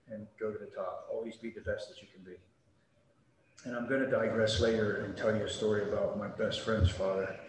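A middle-aged man with a slightly low voice tells his life story in a blunt, salty, rambling way. He sounds like a retired serviceman speaking candidly. The room is very reverberant, with a faint noise underneath. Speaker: guest, retired Air Force veteran.

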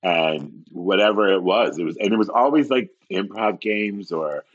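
A man, a comedian guest, telling expressive stories in casual chat. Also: moderate pace, lo-fi sound. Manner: expressive storyteller, swings pitch widely. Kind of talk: animated anecdotal chat.

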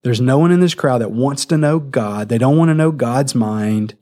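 A man preaching a sermon, retelling a scripture scene in a lively, storytelling way. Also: mid-range voice, moderate pace. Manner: animated storytelling, acting out the scene.

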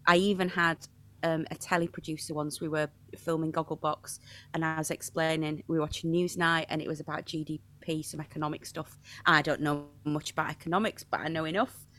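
Animated regional English woman priest. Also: low voice, brisk. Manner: playful, animated storytelling. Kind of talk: conversational interview.

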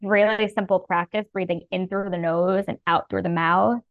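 A woman's voice: lowish voice, fairly even intonation, normal speed, dry recording, phone-quality sound. A woman coaching listeners through a breathing practice in a soothing, earnest way, often saying "like". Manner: soothing, earnest, filler-heavy with "like". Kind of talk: guiding a breathing practice in casual talk.

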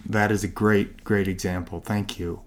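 A man's voice: lowish voice, flat delivery, moderate pace. A man hosting an interview, affirming his guest and setting up questions with encouragement. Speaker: host.

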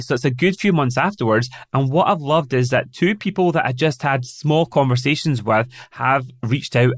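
A middle-aged man with a Scottish accent hosts a conversational podcast interview, telling stories in an upbeat, relaxed way. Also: mid-range voice, no room sound, clean studio sound. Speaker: podcast host.

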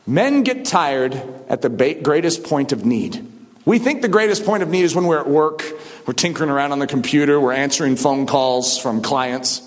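A man preaching a sermon to a congregation, swinging from quiet talk to shouted exhortation. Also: a little high, expressive, normal speed, big-room sound.

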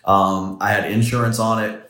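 A man's voice: on the low side, little pitch movement, moderate pace, a bit bright, echoey room. A man telling a personal story as a podcast guest, in a loose, rambling way full of "like". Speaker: entrepreneur guest. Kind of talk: casual storytelling in a podcast interview.

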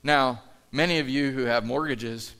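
Faint music plays behind this pastor's mid-range voice as he preaches in the sanctuary at a moderate pace. His tone is bright, forceful, clear and resonant, and his accent is Midwestern American. Speaking into a live stage mic, he tells a story earnestly and conversationally, voicing the dialogue himself.

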